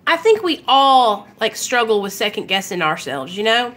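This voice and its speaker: A young woman talks straight to her viewers on a live stream, candid and emotional, full of fillers and the odd swear. Her voice sits a little high and sounds bright and sharp. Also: very animated, moderate pace, hardly any pauses. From Arkansas, US. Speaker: recovery vlogger hosting a live stream. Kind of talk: casual live stream chat.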